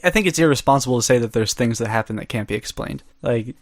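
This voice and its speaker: A man's voice: medium pitch, quick pace, no room sound, clean studio sound. A man co-hosting a comedy podcast, chatting casually and steering the topic with jokes. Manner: jokey, leads the topic. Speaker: podcast co-host. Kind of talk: casual chat.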